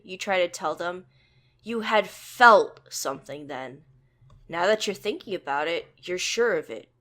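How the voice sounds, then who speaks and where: A woman reading a second-person fanfic as narrator in a plain, even storytelling manner. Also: on the low side, measured pace.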